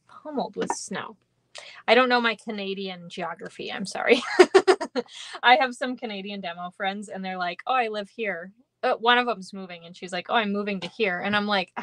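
A woman chats her way through a live craft stream, rambling between fillers and quick laughs. Her voice is bright and lively in tone, sitting at an ordinary pitch for a woman. The sound is close and dry, with no room echo. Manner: chatty and rambling, with many fillers and frequent laughs. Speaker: stamping demonstrator hosting a live craft class. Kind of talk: casual livestream chat.

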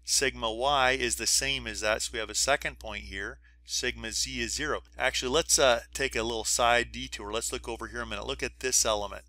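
A middle-aged man lectures on engineering in a bright, crisp voice. He walks through each diagram step by step, dropping casual asides and checking that listeners follow. The sound is close and dry, with no room behind it. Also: mid-range voice, steady tone, brisk, hardly any pauses, no room sound. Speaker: engineering professor. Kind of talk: recorded lecture.

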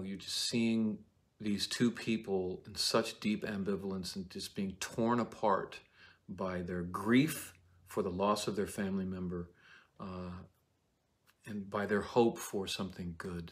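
A man giving a casual Shakespeare lecture, rambling and halting with many fillers and restarts. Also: low-pitched, fairly bright tone.

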